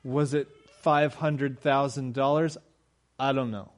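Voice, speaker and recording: A pastor in his thirties delivers a conversational sermon at a slow pace, his medium-pitched voice fairly even in intonation. He acts out the quoted voices of characters and builds to emphatic peaks.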